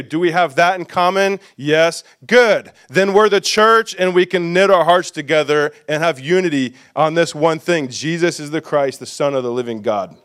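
A pastor preaches in a smooth, resonant voice that sits high for a man. He leans on repetition and keeps tossing questions out to his congregation. The setting is a church sanctuary. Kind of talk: sermon.

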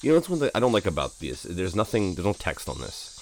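A man co-hosting a podcast with a very low voice. He talks in a dry, matter-of-fact way through relaxed casual chat. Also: fast. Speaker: podcast co-host.

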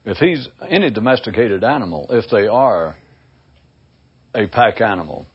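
A man's voice: big pitch swings, normal speed, breathy edge. A man giving a rambling, discursive spoken monologue to his listeners on a dull, lo-fi recording. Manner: discursive, acts out imagined people in a high voice. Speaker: speaker addressing listeners.

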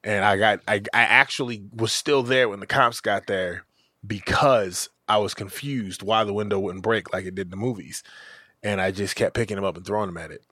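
Lively profane man telling stories. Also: brisk, no room sound. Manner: animated, acts out quotes with big pitch jumps; loose and profane. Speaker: podcast co-host. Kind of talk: casual storytelling.

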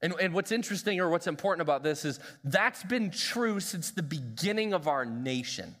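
High bright-voiced man preaching. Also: normal speed. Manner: energetic, humorous storytelling. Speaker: pastor. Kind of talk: live sermon. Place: church sanctuary. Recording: reverberant church hall.

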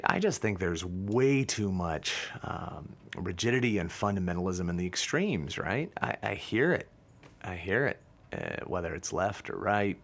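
A man with a low, deep voice hosts a podcast and talks on his own. He riffs in a wry, self-mocking way and laughs at his own jokes. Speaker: podcast host. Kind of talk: casual monologue.

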